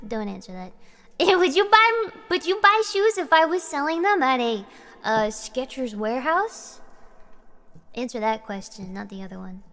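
A woman's voice: sits high, expressive, moderate pace, fairly bright tone. A woman streaming karaoke, chatting between songs in a giggly, rambling way, a little out of breath. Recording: backing music under the voice. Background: karaoke backing music.

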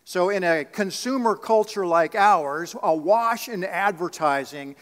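A man's voice: high voice, a little slow, few pauses. A man preaching a sermon as pastor, earnest, asking the congregation rhetorical questions. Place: church sanctuary. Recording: long reverb of a church sanctuary.

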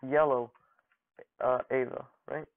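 A man's voice: medium pitch, steady tone, takes it slowly. A young man commentating casually over his gameplay, joking and taunting opponents in mock-dramatic lines. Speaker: gaming channel host. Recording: dry, phone-like narrow audio.

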